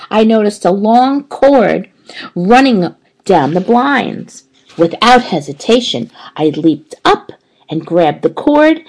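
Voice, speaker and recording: Animated woman reading a children's story. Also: fairly high pitch, poor audio. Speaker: storybook reader. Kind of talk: expressive read-aloud narration.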